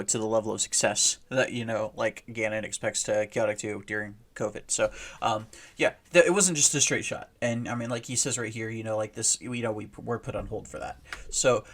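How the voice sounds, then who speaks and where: A man talking through a casual commentary video at a middling pitch. He rambles, circles back and restarts his sentences, with plenty of fillers. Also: fairly bright tone. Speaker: host.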